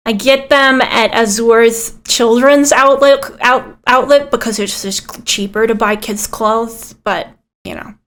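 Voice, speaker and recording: A woman voicing an eager, awkward young man with a tail who rambles excitedly. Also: a little high, slow pace. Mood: chatty.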